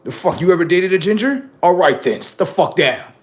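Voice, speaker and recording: A man's voice: high-pitched, expressive, a little fast. A man hosting a livestream, ranting bluntly and profanely while addressing his audience directly. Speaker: livestream host.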